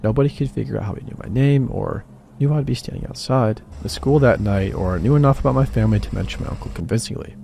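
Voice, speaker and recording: A man reading a first-person horror story as scripted narration, in a quiet, even way. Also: medium pitch, quick pace, creaky, slight background noise. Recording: voice-over with faint music beneath.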